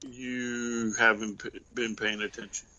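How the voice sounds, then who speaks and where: A man co-hosting a casual wrestling podcast, giving measured, knowing opinions. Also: medium pitch, little pitch movement, sharp tone. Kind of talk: casual chat.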